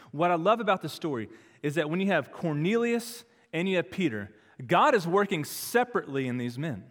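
A man's voice: fairly high pitch, a bit bright, big-room sound. A man pastor preaching a sermon, building to emphatic, rising intensity and acting out the quotes he tells. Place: church sanctuary.

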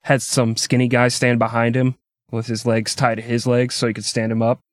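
A man's voice: mid-range voice, completely flat delivery, moderate pace, no echo. Irreverent man telling history, dry close mic. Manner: irreverent, jokey, laughs often. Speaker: podcast co-host telling a history story. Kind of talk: casual comedic storytelling.

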